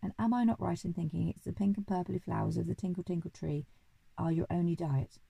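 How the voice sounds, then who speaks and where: A woman's voice: lowish voice, brisk, creaky, dark tone, slightly rough, no echo, exaggerated voice, rough recording. A woman voicing a grand, boastful male duke who thinks himself an expert on animals, speaking in a pompous, hearty way.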